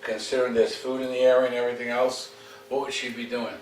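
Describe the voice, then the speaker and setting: During a home visit, a dog trainer gives casual, direct instruction to a dog owner, frequently asking "okay?". His voice is medium-pitched with little pitch movement and a quick pace. The home room is captured from a distance on a camera mic, so the sound is roomy with a little background noise.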